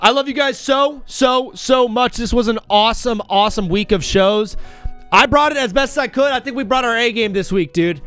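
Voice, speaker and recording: In a high-pitched, clean voice, a man hosts a casual live sports talk show. He is animated and jokey, rambling and often stopping to restart his sentences.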